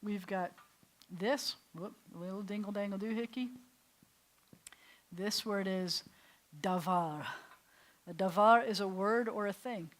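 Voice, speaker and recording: An older woman with a New York accent teaches a Hebrew class in a synagogue classroom. She talks in a chatty, meandering way, laughing easily, and her voice sits at a middle pitch. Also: measured pace.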